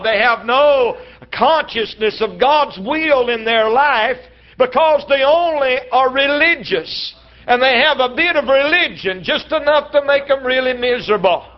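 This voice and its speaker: Brief: very high-pitched man, fervent traveling preacher, lo-fi sermon tape. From Blue Ridge Mountains, North Carolina. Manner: fervent, rhythmic repetition. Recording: dull lo-fi recording.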